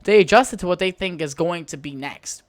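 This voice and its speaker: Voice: mid-range voice, a little fast, no echo. Profane, heated solo podcast rant. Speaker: podcast host.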